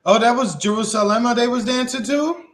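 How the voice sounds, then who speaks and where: A man's voice: very high voice, fairly quick, a bit bright. A man co-hosting a podcast, chatting in a laid-back, slangy way. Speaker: podcast co-host. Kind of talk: casual chat.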